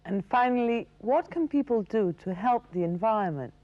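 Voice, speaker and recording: A woman's voice: fairly high pitch, expressive, normal speed. Female course presenter, dull lo-fi sound. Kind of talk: scripted presenting.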